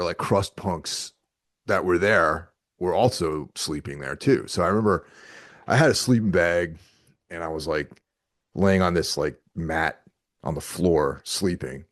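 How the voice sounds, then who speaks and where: A man as a podcast guest, telling road stories in casual chat with animated quoted asides. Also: deep voice.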